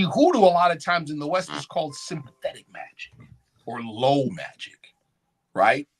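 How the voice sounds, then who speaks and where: Animated man giving a lecture. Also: a little high. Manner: animated, call-and-response questions. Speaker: conference speaker. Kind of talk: lecture with slides. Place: conference hall.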